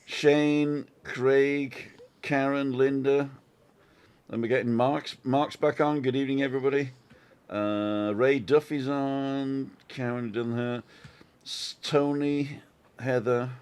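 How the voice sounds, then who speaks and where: A man's voice: medium pitch, fairly even intonation, slow pace, a little mellow, clear, resonant tone. A man co-hosting a casual live stream, chatting and greeting viewers by name. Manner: reads out viewer names cheerfully. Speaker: co-host.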